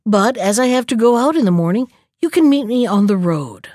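A woman voicing a sly, scheming male jackal in a storybook, smooth and evasive. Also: on the high side, animated, brisk, a little mellow, dry recording, clean studio sound, natural voice.

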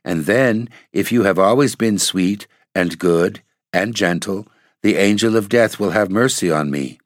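A man reading a storybook, voicing a lonely, weary old ghost nobleman who speaks sadly in a low, dreamy way. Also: measured pace, no echo, clean studio sound, lightly acted. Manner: sad, low, dreamy speech.

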